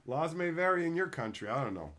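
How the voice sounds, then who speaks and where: A man chatting casually with his livestream viewers, crude and joking, swearing freely as he tells animated bits. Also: fairly high pitch, a little fast. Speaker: streamer answering chat.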